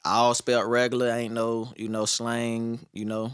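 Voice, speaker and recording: A man's voice: mid-range voice, completely flat delivery, a little slow, clean tone, no room sound, clean studio sound. Laid-back slangy man guest. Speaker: guest artist. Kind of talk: casual talk show chat.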